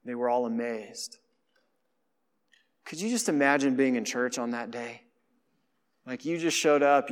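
A man preaching a sermon in a conversational way that swings between hushed, quiet passages and emphatic ones. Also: mid-range voice, clear, resonant tone, long reverb tail.

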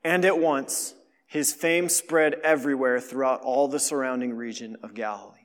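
A man preaching a sermon in a conversational way that swings between hushed, quiet passages and emphatic ones. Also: medium pitch, steady tone, normal speed, big-room sound.

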